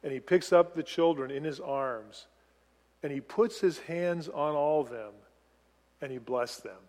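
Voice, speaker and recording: Animated male preacher in an echoing hall. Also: on the high side, measured pace. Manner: animated preaching, asks the congregation questions. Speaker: pastor. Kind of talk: sermon.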